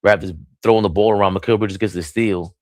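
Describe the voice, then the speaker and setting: A lower-voiced man calls a basketball game live from a small room at home, mixing quick play-by-play with bursts of hype and playful nicknames. The close mic leaves his voice dry with almost no room sound. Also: dry recording. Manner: hyped, sing-song nicknames, excited outbursts. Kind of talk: casual play-by-play commentary.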